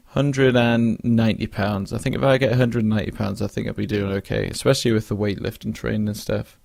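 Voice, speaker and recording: A young man talks through a loose solo podcast, drifting between thoughts with plenty of ums and false starts. His voice sits low with a gravelly edge, and he yawns a bit as he goes. The sound is close and dry, with no room around it. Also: steady tone, fast talker, a little mellow, no echo. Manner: rambling, frequent fillers and restarts. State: yawning, drowsy. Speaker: podcast host. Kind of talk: casual solo monologue.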